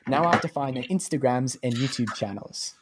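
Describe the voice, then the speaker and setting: A man's voice: medium pitch, expressive, a little fast, background noise, lightly acted. A man reading a listener's review aloud in a put-on Australian accent, as the voice of an Australian male fan. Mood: cheerful.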